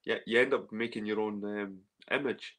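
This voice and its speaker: A man's voice: fairly low pitch, steady tone, normal speed, a bit bright. Rambling, swearing Scottish man. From Scotland. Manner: rambling, swearing, repeats himself. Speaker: livestream host reading chat. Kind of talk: casual livestream chat.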